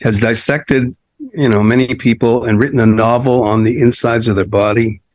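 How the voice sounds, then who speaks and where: A married man trading banter in a deadpan, darkly joking manner, with a middle-pitched voice. The sound is close and dry with little room around it. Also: normal speed, dry recording, rough recording. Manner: dry, dark deadpan jokes. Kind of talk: casual chat. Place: restaurant wine cellar.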